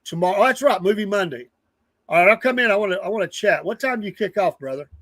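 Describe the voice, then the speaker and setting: A man's voice: sits high, lively intonation, fast, a bit bright, no echo. A man, hosting a casual live stream, rambling earnestly and greeting viewers from the chat by name. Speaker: livestream news show host.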